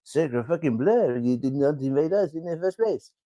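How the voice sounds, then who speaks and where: A man's voice: a little high, expressive, moderate pace, dark tone, no echo, pitched above the performer's own voice, natural voice. A man putting on a poor French accent, voicing a mocking Frenchman.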